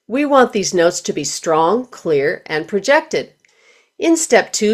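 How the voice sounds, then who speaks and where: A woman with a slightly low voice narrates a singing lesson in a clear, measured way. She explains each step carefully, as if reading a prepared script. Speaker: voice teacher.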